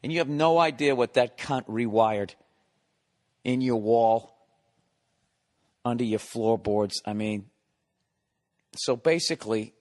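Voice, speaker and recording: A middle-aged American man hosts his own podcast as a solo comedic rant, delivering a profane, exasperated comic monologue with sarcastic asides. His mid-range voice is a little mellow, and he speaks slowly with long pauses.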